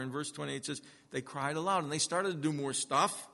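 A male pastor preaching with a bright, forceful voice that sits a little high for a man. He swings from ringing emphasis to hushed, slowed phrases. The sound carries a long reverb, as in a big hall. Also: creaky. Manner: dramatic swings from loud to hushed. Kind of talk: sermon.

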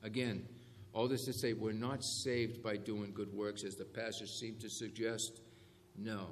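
A man's voice: lowish voice, measured pace. Male preacher, sermon, call-and-response, long hall echo, faint room noise. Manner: call-and-response, animated emphasis on key phrases. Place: church hall. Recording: echoey hall with faint ambience.

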